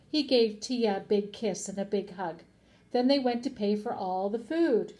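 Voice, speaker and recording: At a moderate pace and medium pitch, a woman teacher reads a children's storybook aloud. She is expressive, voicing the different characters and asking her listeners questions.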